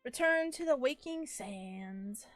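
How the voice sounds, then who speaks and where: Woman game streamer, high voice, giggly and playful, dry close sound. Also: animated, slow, dry recording, soft background music. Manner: playful and giggly, laughs often; chats to viewers while playing. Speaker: live streamer. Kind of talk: casual live-stream gaming chat.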